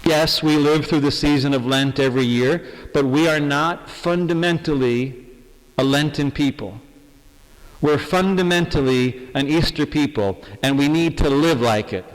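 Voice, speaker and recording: A man preaching an Easter sermon as a priest, speaking in a measured, earnest way in a large empty church. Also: medium pitch. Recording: long reverb of a large church.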